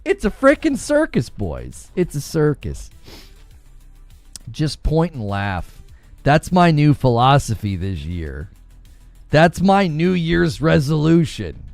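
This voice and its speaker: A man's voice: a little high, huge pitch swings, slow pace, gravelly, darkish tone, no echo, faint music behind. A man hosting a gaming news show, chatting casually and sarcastically, laughing often as he mocks online insults. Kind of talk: casual commentary.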